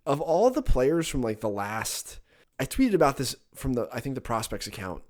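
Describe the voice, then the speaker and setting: Casting: man, mid-pitched, casual podcast analyst, quick rundown with many fillers and restarts. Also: very animated, darkish tone. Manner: rapid rundown with frequent fillers and self-corrections. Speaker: baseball prospect analyst.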